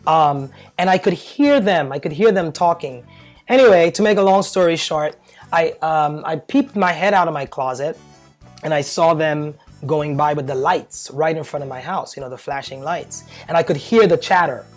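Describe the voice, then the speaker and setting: Guy vlogging, telling his story all animated and chatty, faint music in the back. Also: on the high side, normal speed. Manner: animated, chatty, with nervous laughs and fillers. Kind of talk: casual storytelling to camera.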